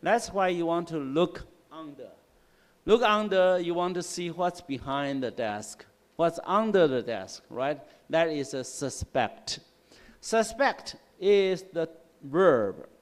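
Guy teaching english roots in class, slow and repetitive, keeps asking "right?", kinda high voice, echoey hall. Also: expressive. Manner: slow, repetitive explaining with frequent "right?" and "okay?". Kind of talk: classroom lecture on word roots. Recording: long hall reverb in a classroom.

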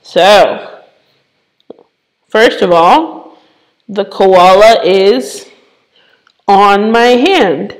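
A woman's voice: mid-range voice, lively intonation, drawn-out words, pauses often, low-quality recording. A woman teaching English to children in an online lesson, explaining patiently with playful asides.

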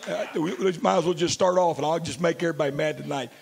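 A male pastor preaching a sermon in a large church, moving from hushed storytelling to shouted declarations. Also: fairly high pitch, fast talker, vocal fry.

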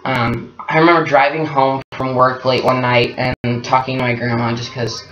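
A man in his twenties, telling a personal story in a candid, reflective, soft-spoken way. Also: medium pitch, flat delivery, normal speed. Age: 20s. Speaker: guest partner. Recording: echoey room, dull lo-fi sound.

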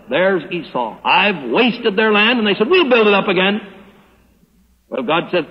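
A man pastor giving a radio Bible teaching sermon, preaching emphatically with slow, dramatic stressed phrases. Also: high voice, breathy edge. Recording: muffled old radio broadcast with long reverb.

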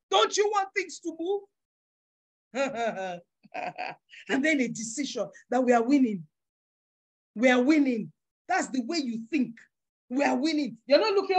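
A woman giving a motivational business workshop in a forceful, preacher-like way, acting out little voices. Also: sits high. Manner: emphatic, preacher-like, acts out voices with big swings.

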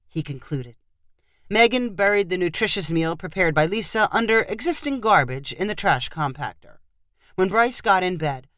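Woman, storyteller, lively melodic delivery, dry close-mic sound, scripted narration. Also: fairly low pitch, no echo. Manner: expressive storytelling, lively intonation.

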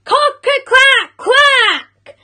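A woman voicing an eager, flustered young male rooster who shouts his crowing attempts. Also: very high-pitched, animated, drawn-out words, voice pushed up, exaggerated voice. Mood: straining.

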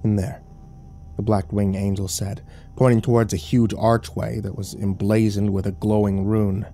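Brief: man narrating creepy stories, low-pitched and grave, soft music behind. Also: flat delivery. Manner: slow, grave and brooding. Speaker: horror story narrator. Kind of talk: scripted horror narration. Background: faint music.

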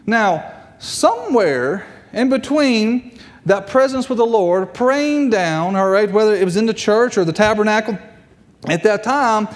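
High-voiced man preaching in a hall. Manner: repeats phrases, animated pitch swings. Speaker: guest preacher. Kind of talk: sermon. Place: church sanctuary. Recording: church hall reverb.

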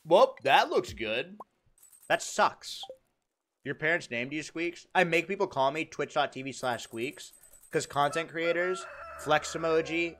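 Young guy streaming a game, kinda high voice, super bouncy and sarcastic with chat, faint game music behind. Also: fairly bright tone. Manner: playful and sarcastic, reads and answers chat comments. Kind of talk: live-stream chat while gaming.

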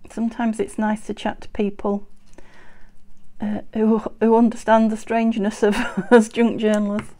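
A woman from the UK chatting casually as she works on a craft project, dropping into soft murmurs as she works. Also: medium pitch, flat delivery, moderate pace. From United Kingdom. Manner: chatty, self-mocking, drops into soft murmurs while working. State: slightly out of breath from heat. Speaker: craft vlogger. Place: home craft room with door shut.

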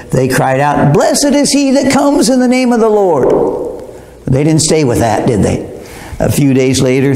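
A man's voice: medium pitch, creaky, a little mellow. A male preacher teaching a verse-by-verse Bible sermon in a conversational, digressive way, speaking directly to his listeners. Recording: roomy hall reverb.

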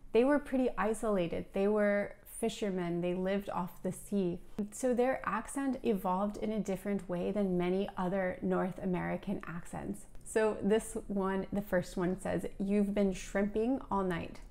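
A woman from Alabama teaching English, explaining clearly and steadily to viewers. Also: mid-range voice, darkish tone.

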